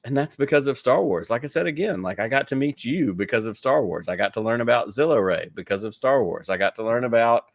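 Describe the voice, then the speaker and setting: In a clean studio recording with no room sound, a Southern man with a mid-range, expressive voice talks quickly and barely pauses. Guesting on a podcast, he chats casually about his hobby, telling enthusiastic, meandering stories stuffed with fillers and "like."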